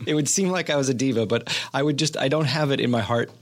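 A man's voice: mid-range voice, fast talker. A man hosting a casual podcast interview, joking and self-deprecating. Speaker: podcast host.

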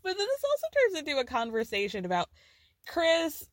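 A woman with a fairly high voice hosts a casual recap podcast. She talks in a chatty, profane way and laughs often. The sound is dry and close, with no room in it. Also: wildly swooping pitch, fairly quick, dry recording. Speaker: podcast host. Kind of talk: casual pop culture recap.

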